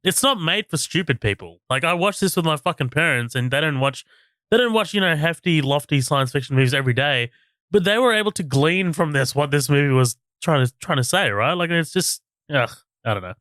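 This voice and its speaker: A man's voice: a little high, a little fast, no echo, studio quality. A man co-hosting a movie podcast, chatting casually and animatedly, swearing often. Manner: animated, swearing, reads reviews aloud mockingly. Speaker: podcast co-host. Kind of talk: casual chat.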